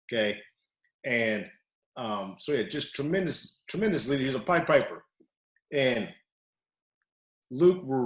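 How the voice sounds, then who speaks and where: In an echoey room, a male wrestling coach co-hosting a podcast tells casual stories in a mid-range voice. He's animated and acts out quotes loudly.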